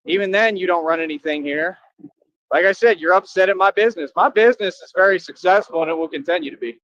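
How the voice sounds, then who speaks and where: A man's voice: sits high, a bit bright. A man streaming live, scolding and boasting at an online critic in a repetitive rant. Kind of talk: confrontational rant to viewers. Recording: dull lo-fi, dry.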